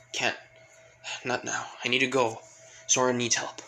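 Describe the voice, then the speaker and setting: A man's voice: mid-range voice, monotone, slow, creaky, sharp tone, a little hiss or hum, full character voice, rough recording. A man voicing an earnest, determined teenage boy hero in a spoken fan story. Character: young teen male hero, earnest and determined.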